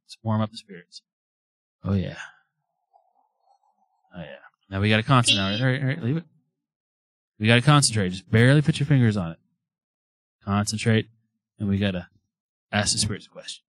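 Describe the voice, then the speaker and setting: A man's voice: on the low side, brisk, pauses often, no echo. A man hosting a casual chat around a spirit board, joking, swearing and putting on a spooky tone. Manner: swearing, animated, mock-spooky. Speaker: podcast host.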